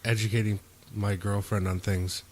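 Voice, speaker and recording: A young man with a fairly low voice spins a rambling, profane story in loose podcast chat. He jumps into the quoted lines of the people in his tale, and wanders off on tangents as he goes. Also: level tone, moderate pace, a little mellow, slight background noise. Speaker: podcast host.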